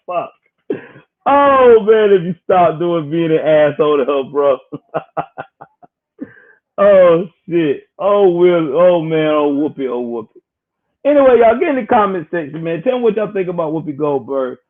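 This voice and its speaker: A man's voice: on the high side, a little slow, long pauses. A man hosting a casual livestream, joking in slang and laughing often between remarks. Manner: laughs constantly, slangy and animated. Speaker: livestream host. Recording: tinny phone-like audio.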